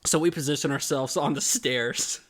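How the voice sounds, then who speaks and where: A man co-hosts a relaxed podcast, spinning stories with lots of energy. His voice sits at an ordinary middle pitch, and he breaks into laughter as he talks. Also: moderate pace. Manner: animated storyteller, laughs mid-story. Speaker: podcast co-host. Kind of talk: casual chat.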